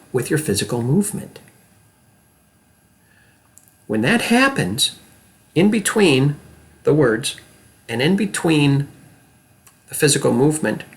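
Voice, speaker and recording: A middle-aged acting coach delivers an earnest, emphatic lesson directly to the camera, frequently checking in with the viewer. His voice is medium in pitch.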